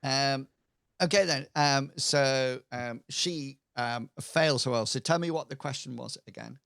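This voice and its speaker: Slow, gravelly game master man. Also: medium pitch, a bit bright, no echo, clean studio sound. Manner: halting, full of ums and restarts. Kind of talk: narrating a tabletop game.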